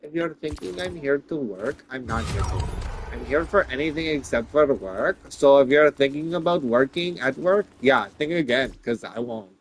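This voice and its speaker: A man's voice: medium pitch, animated, normal speed, slight background noise, low-quality recording. A man ranting casually to camera, exasperated and profane, with lots of "like" fillers. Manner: many "like" fillers. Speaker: vlogger. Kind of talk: casual rant.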